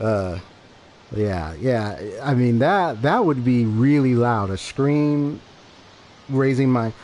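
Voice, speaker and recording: A man streaming a game and talking to his chat from a home setup, speaking into a desk microphone. He rambles and repeats himself as he explains his point over and over. His voice sits at a medium pitch, with a faint hiss behind it. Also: expressive, takes it slowly, a little mellow. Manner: rambling, repetitive, defensive explaining. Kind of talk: casual livestream talk to chat.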